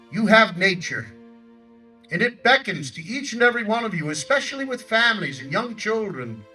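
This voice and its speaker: A man's voice: bright, forceful tone, distant mic, full character voice, rough recording. A man playing an older Theodore Roosevelt, giving a declamatory outdoor stump speech in character in a park by a lake. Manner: booming, declamatory oratory. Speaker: historical reenactor.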